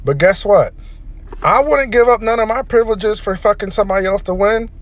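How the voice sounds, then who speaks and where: A man's voice: high voice, a little fast. A man delivering a heated, profanity-laden opinion rant as a vlogger. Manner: heated, profane, emphatic ranting.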